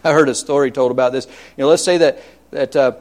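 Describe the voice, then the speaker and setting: A man's voice: mid-range voice, fairly even intonation, fast, a little mellow. A man preaching a sermon as pastor, emphatic and repetitive, telling homely stories with humor.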